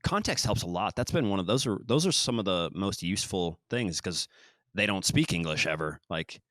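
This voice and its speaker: A man's voice: deep voice, moderate pace, no echo. A man hosting a podcast, talking casually and rambling, often acting out quotes. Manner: rambling, animated, acts out quotes. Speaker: podcast host. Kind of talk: casual chat.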